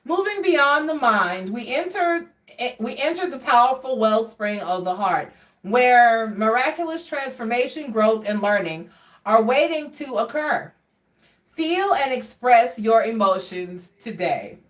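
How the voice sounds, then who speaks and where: A woman giving a casual tarot reading, chatty and expressive as she talks straight to her viewers. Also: a little high, measured pace, distant mic. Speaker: tarot card reader. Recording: roomy sound from away from the mic.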